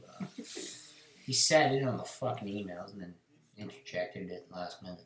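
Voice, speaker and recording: A man's voice: low voice, moderate pace, long pauses, roomy sound. A man co-hosting a podcast in casual chat, telling crude jokes and stories with loose laughs. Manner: laughing, swearing, loose storytelling.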